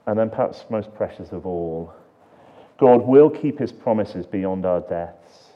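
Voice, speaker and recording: A low-pitched man preaches a sermon, earnest and searching, leaning on rhetorical questions. He swings from emphatic lines down to quiet, hushed ones. The recording sounds dull and lo-fi. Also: expressive, measured pace.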